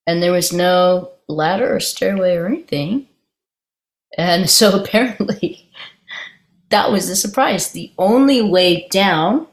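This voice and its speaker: A woman with a low, gravelly voice leads an informal meditation talk. She tells her story conversationally, pausing and restarting often and laughing along the way. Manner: halting and conversational, many restarts, laughs while telling. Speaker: meditation teacher.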